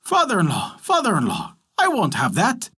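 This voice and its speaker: A man voicing a demanding, croaking male frog in a storybook tale, with whiny, insistent demands. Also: sits high, huge pitch swings, moderate pace, sharp tone, voice pushed up, exaggerated voice.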